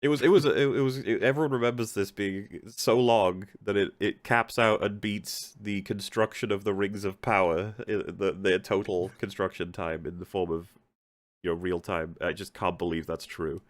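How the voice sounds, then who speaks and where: A man hosting a reaction commentary, talking in a deadpan, mock-earnest sarcastic way. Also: on the low side, normal speed, no echo. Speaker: host.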